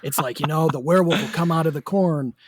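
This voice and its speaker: A man's voice: a little high, quick pace, background noise. A man from Wisconsin, a guest author and researcher, telling chatty anecdotes with self-mocking humor.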